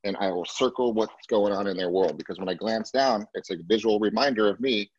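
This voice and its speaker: A husky, low-pitched man leads a sales training class, stressing his points and slipping into a higher voice when he quotes clients. The sound is dry and dull, like a lo-fi video call. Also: brisk, no room sound. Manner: emphatic, acts out client quotes in a much higher voice. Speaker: real estate sales trainer.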